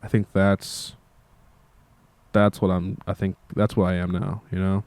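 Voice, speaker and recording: Sleepy young guy rambling and cussing, low mellow voice, dry close sound. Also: flat delivery, a little slow, no echo. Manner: meandering, swears casually, many fillers. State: tired. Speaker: musician vlogger. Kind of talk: rambling casual monologue.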